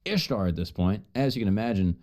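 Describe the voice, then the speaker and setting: A man's voice: lowish voice, lively intonation, quick pace, a little mellow. A man streaming while he retells an old myth in a casual, profane, joking way, full of asides.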